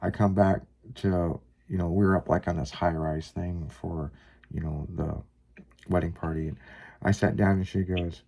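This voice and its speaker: Very deep-voiced man telling a rambling story. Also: steady tone, moderate pace, creaky, warm tone. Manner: rambling, lots of fillers, casual swearing. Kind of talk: casual chat, personal anecdote.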